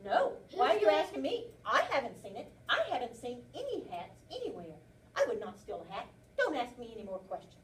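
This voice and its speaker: A woman's voice: medium pitch, fast talker, hardly any pauses, distant mic, a little hiss or hum, natural voice. A woman teacher reading aloud as a defensive male rabbit who overexplains his denials, heard from afar in an echoey classroom. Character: defensive, fibbing male rabbit in a picture book.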